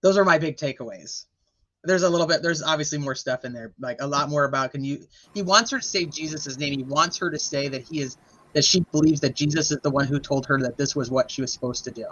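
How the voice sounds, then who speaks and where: A man hosting a podcast, chatting casually and quickly retelling court testimony he wrote down. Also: fairly high pitch, pushed and bright, muffled recording. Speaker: podcast host. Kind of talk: casual chat.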